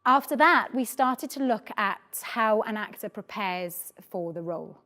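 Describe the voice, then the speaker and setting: Welsh actress coaching a drama class. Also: female voice, mid-range voice, expressive, measured pace, pushed and bright. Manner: clear, encouraging, demonstrative. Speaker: actor leading a drama workshop. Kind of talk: practical teaching, giving instructions.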